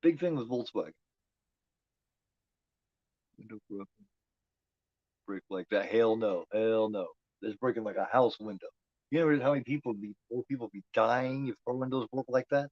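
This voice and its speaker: A man's voice: medium pitch, normal speed, long pauses, no room sound, muffled recording. A man giving casual, profane commentary while watching a movie, talking back at the screen.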